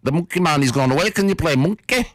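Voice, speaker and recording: A man's voice: a little high, lively intonation, quick pace, no echo, clean studio sound, voice pushed up. A man voicing a young male football club press officer in a put-on Northern English accent, talking in broad, pleading lad-speak.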